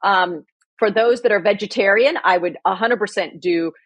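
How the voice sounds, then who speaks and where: A woman's voice: medium pitch, moderate pace, breathy edge, no echo. A woman co-hosting a podcast in casual chat, effusive and chatty, often restarting her sentences. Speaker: podcast co-host.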